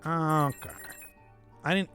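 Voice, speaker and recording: A man's voice: a little high, fairly even intonation, slow pace, a bit bright, faint music behind. A male streamer in casual live-stream chat, reading viewer requests with wry, teasing banter.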